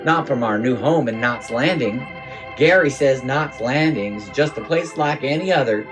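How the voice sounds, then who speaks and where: Guy doing a southern housewife reading her diary, slow drawl, wistful and earnest, mid-pitched, music going behind. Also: natural voice. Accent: Southern US, put on. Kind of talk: dramatic reading of a diary entry.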